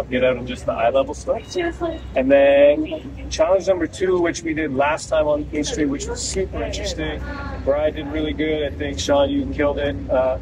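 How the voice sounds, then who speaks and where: A man casually briefing a group on a photo walk, easygoing and encouraging, outdoors on a busy city street. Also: on the high side. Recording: distant mic with loud street noise.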